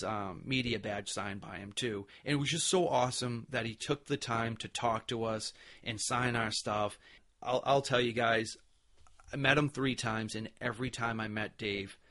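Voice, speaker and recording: Male podcast host, mid-pitch, eager storyteller, casual and chatty. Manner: excited, animated storytelling with fillers.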